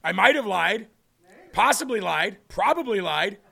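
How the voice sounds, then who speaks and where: A man's voice: high-pitched, expressive, unhurried, gravelly, bright, forceful tone, slightly rough. A male political talk show host giving sarcastic, mocking commentary with frequent laughter. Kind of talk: opinionated commentary.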